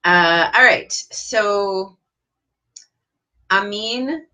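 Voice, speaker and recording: A woman teaching an online English lesson, reading out viewer comments and asking direct, encouraging questions with lively jumps in pitch. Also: very slow.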